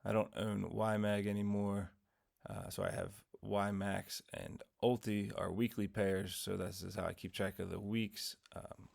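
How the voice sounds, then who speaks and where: A man with a lowish, creaky, somewhat dark voice speaks a little slowly, with little movement in pitch. He hosts an investing channel and is giving a casual weekly recap of his trades and dividends in his morning voice. He rambles, corrects himself as he goes, and tells dad jokes.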